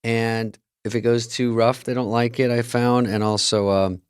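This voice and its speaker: A man's voice: mid-range voice, flat delivery, moderate pace, clean tone, no echo, studio quality. A man from Arizona and California co-hosting a podcast, talking in a laid-back, wry, self-deprecating way. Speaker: podcast co-host. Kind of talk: casual chat.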